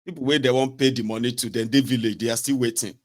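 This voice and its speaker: A man's voice: medium pitch, fairly even intonation, quick pace. A man with a Nigerian accent giving casual political commentary in a rambling, mocking way, slipping between English and pidgin. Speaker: commentary host.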